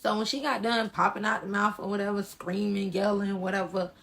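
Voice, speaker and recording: A woman telling a personal story in a casual vlog, blunt and sassy, swinging between loud emphatic bursts and hushed asides. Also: medium pitch, steady tone, fairly quick, vocal fry. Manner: blunt and sassy with frequent slang.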